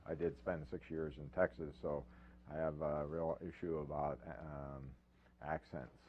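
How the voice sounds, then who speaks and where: An older man with a very deep, low voice gives a research talk to a room of professionals. He is from upstate New York and speaks in a halting, friendly way with many fillers and restarts. The sound is narrow and phone-like. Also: flat delivery, a little hiss or hum. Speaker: university researcher presenting. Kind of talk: informal technical presentation.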